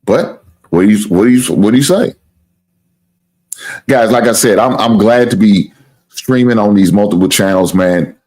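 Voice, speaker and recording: A man with a deep, low-set voice hosts a casual live sports stream. He rambles, circles back, swears casually and keeps plugging his channel in a loose, relaxed tone. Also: moderate pace, long pauses. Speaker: sports talk show host.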